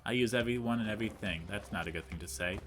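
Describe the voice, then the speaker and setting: A man's voice: lowish voice, fast, background noise. A young man giving casual let's play commentary, rambling through a story and talking to the game as he plays. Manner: rambling storyteller, chatty and self-mocking, talks to the game.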